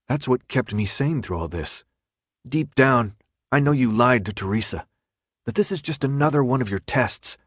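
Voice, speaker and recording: A man's voice: medium pitch, expressive, moderate pace, a bit bright, no room sound. Guy doing a mouthy teen boy, sarcastic and defiant, dry close sound. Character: tense defiant teenage boy held captive.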